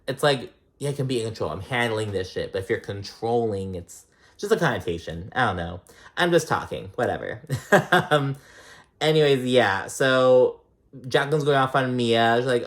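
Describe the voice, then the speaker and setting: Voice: mid-range voice, moderate pace. A reality TV recap vlogger in casual commentary, rambling and swearing often, full of "like" and "um.".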